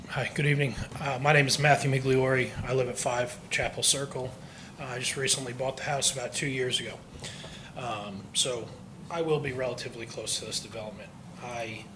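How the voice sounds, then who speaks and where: A man speaking during public comment at a village council meeting, measured and polite with small hesitations. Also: medium pitch, noisy background.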